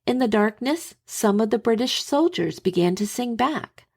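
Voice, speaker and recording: A woman podcast host reading a scripted historical narration in a measured, dramatic storytelling manner. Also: a little high, lively intonation, a little mellow.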